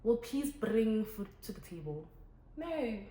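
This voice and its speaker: Young woman, casual chat to camera, animated, echoey room. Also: a little high, takes it slowly. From Botswana. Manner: chatty, animated, switches languages. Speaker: vlogger. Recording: echoey room, faint ambient noise.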